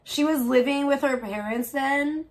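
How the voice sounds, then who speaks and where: Brief: woman streamer, slightly high voice, cussing and gossiping in a loose chatty rant. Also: a little slow. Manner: profane, gossipy, venting about other streamers. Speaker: livestreamer. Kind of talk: casual livestream rant.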